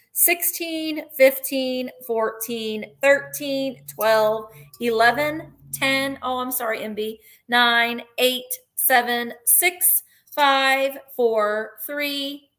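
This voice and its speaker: A woman hosting a live vintage sale in a bright, forward voice that sits a little high. She chats in a rambling, friendly way, circling back over each piece before counting down the bids. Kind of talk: live online sales chat.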